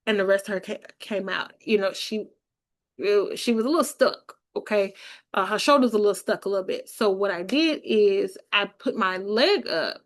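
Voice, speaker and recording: Woman vlogger, animated chatty storyteller, mid pitch. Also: moderate pace. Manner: chatty, animated, laughs while telling. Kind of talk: casual storytelling vlog.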